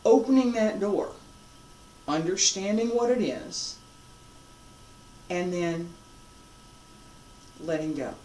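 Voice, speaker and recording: Calm qigong instructor, roomy and distant. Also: mid-range voice, a little hiss or hum. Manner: calm, unhurried cues with conversational asides. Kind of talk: guided breathing lesson with reflective talk.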